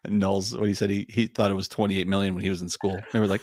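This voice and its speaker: A man's voice: low-pitched, little pitch movement, fast talker, darkish tone, no room sound, clean studio sound. A man co-hosting a casual podcast, chatty and enthusiastic, swearing and laughing freely. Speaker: podcast co-host.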